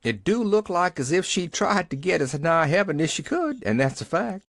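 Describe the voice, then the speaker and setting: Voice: medium pitch, very animated, moderate pace, a bit bright, no echo, studio quality, voice pushed up. A reader doing a drawling old country man. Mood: wry. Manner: drawling, rustic dialect. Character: slow, wry old male gardener.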